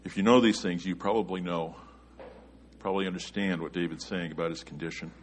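A man preaching a sermon, earnest, his voice rising and getting louder when he quotes scripture. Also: low voice, steady tone, fairly quick, a little hiss or hum.

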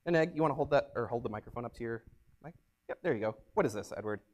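A young man preaching as a youth pastor, telling stories in an upbeat, energetic way. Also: medium pitch, racing. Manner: upbeat, energetic, animated storyteller. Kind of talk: youth sermon with storytelling.

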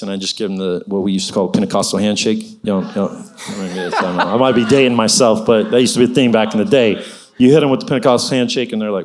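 Animated middle-aged man preaching casually. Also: mid-range voice, a little fast. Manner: animated, exhorting, full of "you know" asides. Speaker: Christian minister telling a personal story. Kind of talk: conversational preaching testimony.

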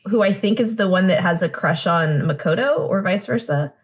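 A woman's voice: on the low side, expressive, normal speed. A young woman hosting a podcast in casual chat, chatty and laughing, saying "like" a lot. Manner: chatty and laughing, often says "like". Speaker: podcast host.

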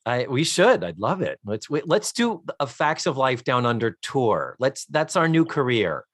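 A man co-hosting a casual podcast chat, animated and profane, often acting out lines. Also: medium pitch, normal speed, breathy edge, dry recording, studio quality. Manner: animated, profane, acts out lines in character voices. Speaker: podcast co-host.

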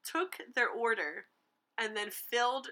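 A young woman in casual chat, co-hosting a movie review, giggly and animated, acting out little voices as she tells the story. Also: a little high, a little slow. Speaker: podcast co-host reviewing a movie.

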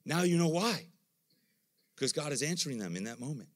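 A man's voice: on the high side, brisk. A middle-aged man preaching a sermon, telling stories and acting out the voices he quotes. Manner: animated storytelling, acts out quoted voices.

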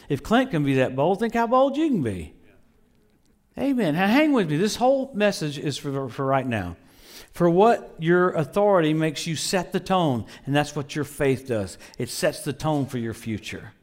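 A middle-aged male preacher delivering a story-filled sermon. His voice sits a little high for a man and swings from booming exclamations down to quiet murmured asides. He laughs between lines and keeps the energy animated.

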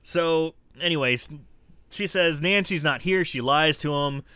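A man's voice: a little high, a little slow, sharp tone, clean tone, no echo. A man casually recapping a horror film on a podcast, swearing freely and putting on mocking voices for the characters. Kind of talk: casual movie recap chat.

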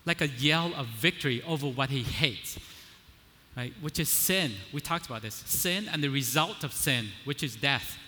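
Man, preacher, sermon, conversational, emphatic, bright voice, long hall reverb. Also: mid-range voice, normal speed, slight background noise. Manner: conversational, often checking in with "right?"; emphatic, building to loud declarations.

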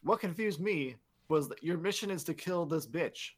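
A man's voice: a little high, moderate pace, a crowd in the background. A young man chatting casually on a podcast, swearing freely and acting out characters as he retells a story. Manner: profane, animated retelling with mock voices. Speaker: podcast co-host. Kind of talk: casual chat.

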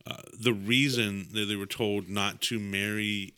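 A man co-hosts a podcast in easygoing, jokey conversation. His low voice has a bright, forceful edge. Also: little pitch movement, a little slow, clean tone. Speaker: podcast co-host. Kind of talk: casual chat.

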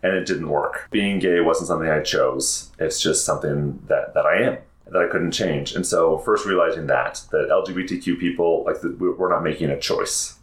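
Deep voiced guy talking earnest in an interview, kinda echoey room. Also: normal speed, few pauses. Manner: earnest and reflective, with frequent "like" and restarts. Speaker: podcast guest, therapist. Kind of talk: candid interview conversation.

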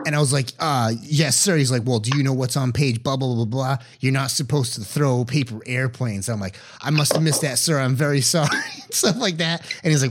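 A man's voice: mid-range voice, brisk, a little hiss or hum. A young man, co-hosting a podcast and telling stories in casual chat, acting out the people he quotes and swearing freely. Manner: animated storyteller, acts out quotes, swears freely. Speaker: podcast co-host.

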